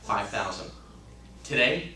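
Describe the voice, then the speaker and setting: Fifty-something guy pumping up a room of new agents, lowish voice, roomy echo, mic kinda far off. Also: takes it slowly. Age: 50s. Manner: energetic, emphatic, swings from loud to hushed. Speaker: real estate trainer. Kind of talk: motivational training talk. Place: training room. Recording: roomy, distant mic, faint hum.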